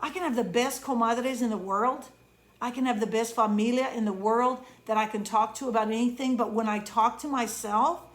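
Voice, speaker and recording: A woman with a fairly high voice delivers a heartfelt pep talk as an emotion coach. She speaks in an earnest, conversational way and draws out the words she wants to land. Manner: earnest, conversational, slows down to stress key words. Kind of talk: motivational pep talk monologue.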